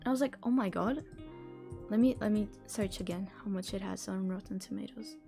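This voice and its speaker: A woman's voice: medium pitch, quick pace, dark tone, soft background music. A young woman hosting a live stream, chatting casually in a rambling, giggly way with lots of restarts. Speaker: streamer hosting reading sprints.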